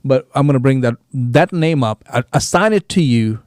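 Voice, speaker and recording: Dry-voiced male podcast host, animated. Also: medium pitch, normal speed, dry recording. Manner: animated, mimics crowds in quoted voices. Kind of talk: casual studio discussion.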